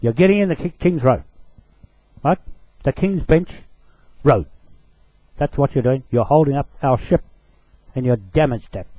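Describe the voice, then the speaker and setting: A man's voice: mid-range voice, dark tone, no room sound, rough recording. A man delivering an angry, profane rant to camera. He accuses his target directly and repeats short phrases for emphasis.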